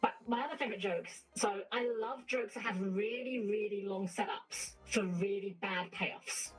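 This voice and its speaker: A woman's voice: mid-range voice, moderate pace, faint music behind. A woman guest chatting casually and telling a rambling story, acting out the characters' lines along the way. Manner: self-mocking. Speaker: vtuber guest.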